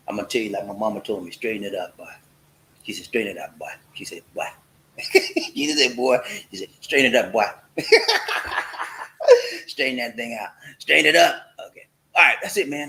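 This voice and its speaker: A man's voice: mid-range voice, a bit bright, slight background noise, low-quality recording. A man hosting a casual motivational talk, playful and preachy, slipping into sung and chanted lines. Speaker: host.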